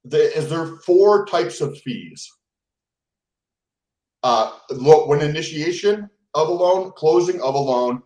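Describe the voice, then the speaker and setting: A man hosting an interview, asking halting, friendly questions with plenty of fillers. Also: a little high, lively intonation, a little mellow, roomy sound, low-quality recording. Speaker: host interviewing a guest. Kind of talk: casual interview.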